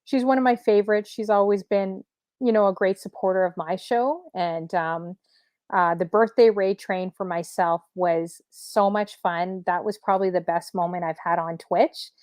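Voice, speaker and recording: An upbeat woman DJ chats casually as an interview guest, full of fillers and a little hoarse from a long day. Her voice sits in a middle register and sounds close and dry, with almost no room around it. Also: medium pitch, steady tone, normal speed, darkish tone, no echo. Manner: upbeat, chatty, many fillers. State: slightly losing her voice. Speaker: streamer DJ guest.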